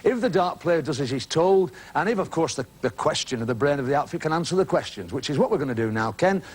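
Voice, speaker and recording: A man's voice: on the high side, animated, quick pace. A man hosting a TV game show, teasing contestants with chummy banter in a studio before an audience. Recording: 1980s broadcast with studio audience and hiss.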